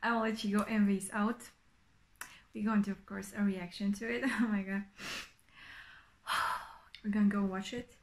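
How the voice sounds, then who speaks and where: A woman's voice: medium pitch, steady tone, moderate pace, pauses often. A young woman from Bulgaria in her twenties, hosting a music video reaction with gushing, swooning exclamations. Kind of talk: excited reaction commentary. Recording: loud music playing behind voice. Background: loud pop music.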